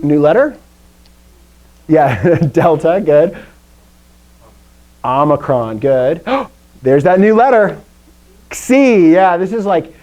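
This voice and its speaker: A young man leads a Greek lesson for adults with an upbeat, self-mocking humor. His voice sits a little high, and he calls out words for the class to echo back. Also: darkish tone. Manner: upbeat, joking, self-deprecating, drills vocabulary aloud. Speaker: Greek teacher. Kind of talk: classroom lesson with call-and-response drills.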